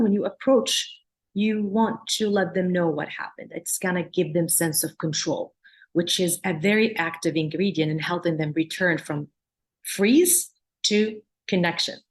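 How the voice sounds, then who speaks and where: Earnest woman psychologist teaching. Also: medium pitch. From Palestine, raised in Jordan. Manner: earnest, explanatory, demonstrates soothing sing-song tones. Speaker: psychologist and lecturer. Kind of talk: teaching a workshop.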